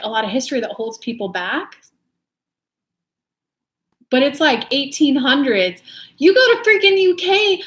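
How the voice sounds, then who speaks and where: Young cali woman just chatting on her livestream, kinda high voice, rambly and giggly. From California. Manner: chatty, rambling, laughs often. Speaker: livestream host, tarot reader. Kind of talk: casual livestream chat.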